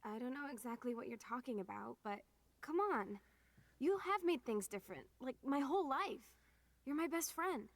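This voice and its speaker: An actress voicing a defiant, blunt young punk woman in a video game, with a husky voice and a habit of swearing. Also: high voice, animated, moderate pace, no echo. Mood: affectionate.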